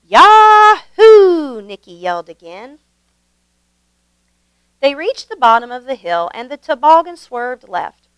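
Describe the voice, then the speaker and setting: A woman hosting her channel and reading a children's picture book aloud in a gentle, expressive way. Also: a little high, measured pace, pauses often, clear, resonant tone, no echo, low-quality recording. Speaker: storybook reader, channel host.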